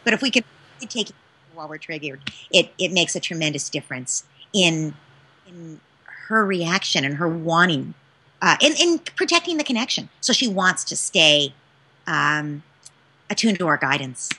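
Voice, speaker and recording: A woman parenting expert answering interview questions in an emphatic, expressive coaching tone. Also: lowish voice, moderate pace, breathy edge.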